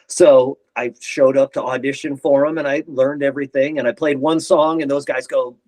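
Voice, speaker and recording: A man's voice: medium pitch, steady tone, normal speed, darkish tone, low-quality recording. A middle-aged man, a guitarist, telling band stories in a casual interview, rambling and acting out quotes. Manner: rambling anecdotes, acts out quotes. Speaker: guest guitarist.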